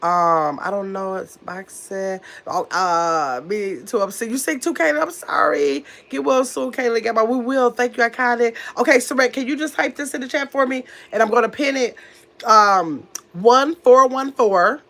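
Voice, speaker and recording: A woman's voice: on the high side, normal speed, creaky, fairly bright tone. A woman hosting a casual livestream, reading viewer comments aloud and talking to her audience as "y'all" while sorting out a phone number, a little under the weather. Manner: chatty, distracted, talks to the chat as "y'all". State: recovering from illness. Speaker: livestream host.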